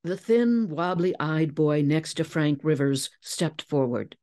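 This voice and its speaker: A woman giving a measured, expressive dramatic reading of a story as a guest reader. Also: low-pitched.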